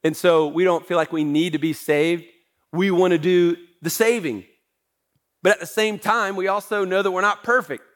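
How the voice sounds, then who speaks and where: A man's voice: high-pitched, steady tone, moderate pace, a bit bright. A man preaching a sermon as pastor, talking in a conversational way with self-deprecating humor.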